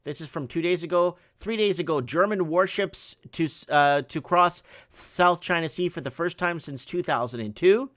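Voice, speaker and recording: A man's voice: on the high side, moderate pace, hardly any pauses, fairly bright tone, no echo, studio quality. A man hosting a casual call-in show, rambling and reading news headlines aloud with rising emphasis. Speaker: host.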